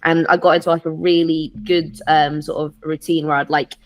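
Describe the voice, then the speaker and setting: A woman's voice: sits low, flat delivery, brisk. A woman co-hosting a game podcast, chatting enthusiastically about games she loves. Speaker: podcast co-host. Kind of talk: casual chat about games.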